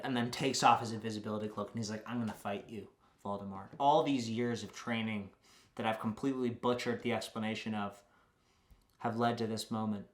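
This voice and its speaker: A man's voice: mid-range voice, sharp tone. A young man, a YouTuber, giving a rambling, joking recap that is full of swearing.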